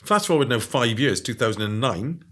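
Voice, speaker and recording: A man telling stories in a casual interview, animated and often adding "right?". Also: medium pitch, moderate pace. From Wales. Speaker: guest.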